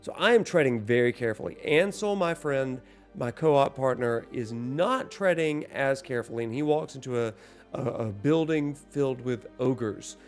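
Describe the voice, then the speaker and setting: A man's voice: mid-range voice, moderate pace, soft background music. A man telling a casual, self-deprecating story about his game session, acting out the lines. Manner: animated storyteller, self-deprecating, acts out dialogue. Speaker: gaming vlogger. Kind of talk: casual gameplay recap.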